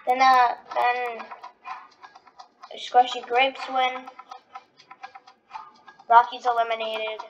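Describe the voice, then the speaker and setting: A woman's voice: fairly high pitch, flat delivery, drawn-out words, long pauses, fairly bright tone, lo-fi sound, soft background music. A woman giving casual reaction-video commentary, rambling with lots of fillers. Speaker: video creator.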